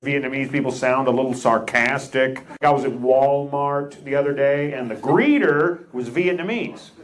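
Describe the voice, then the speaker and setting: A man doing crowd work as a stand-up comedian, brash and teasing, firing off quick punchlines on a club stage. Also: medium pitch. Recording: echoey club with loud crowd noise.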